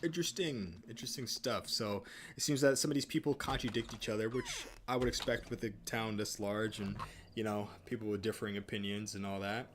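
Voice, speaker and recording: With a lowish, steady voice and a slightly fast pace, this let's play host talks through his first go at a game. He rambles, restarting sentences and filling gaps with ums and likes, and there's a little hiss or hum on the recording.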